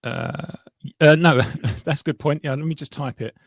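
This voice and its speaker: English man, guest, genial and self-mocking, a bit high, dry close sound. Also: normal speed, vocal fry, no echo. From England. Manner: polite, self-deprecating, chuckles often. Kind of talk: casual livestream chat.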